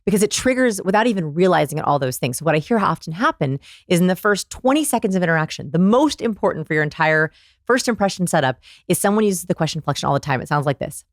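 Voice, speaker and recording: A middle-aged woman speaks with energy and conviction in a fairly low voice. She demonstrates tones of speech as she explains, and the recording is dry and close. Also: fast talker, no echo. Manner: energetic, demonstrates vocal inflections. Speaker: guest, people expert. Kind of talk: animated interview talk.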